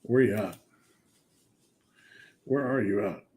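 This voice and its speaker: Slow-talking man hosting a live Q&A. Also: fairly low pitch, a little mellow. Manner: conversational, rhetorical questions answered himself. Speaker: fitness coach hosting a live Q&A. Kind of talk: casual live-stream chat.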